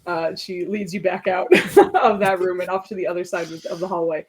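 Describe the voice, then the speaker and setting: Woman game master for a tabletop game, husky, rambling with fillers. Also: lowish voice, steady tone, brisk. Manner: rambling with many fillers, laughs easily.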